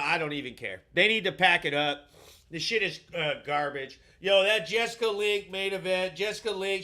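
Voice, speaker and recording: A young man hosts a live stream and rants hard, swearing constantly as he tears into a promotion and reads out his chat. His voice sits high and comes out bright and sharp. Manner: profane, heated ranting. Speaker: host. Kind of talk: livestream rant reacting to chat.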